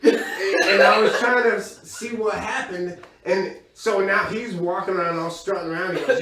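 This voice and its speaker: High-voiced man telling a raunchy story. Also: normal speed. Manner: profane, animated, laughs mid-story. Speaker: stand-up comedian. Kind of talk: crude stand-up storytelling. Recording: echoey room from far off with crowd.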